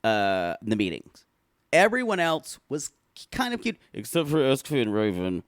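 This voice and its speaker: A man co-hosting a podcast, casually chatting and recapping a reality show with animated, dramatic storytelling. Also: medium pitch, normal speed, no echo, clean studio sound. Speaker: podcast co-host.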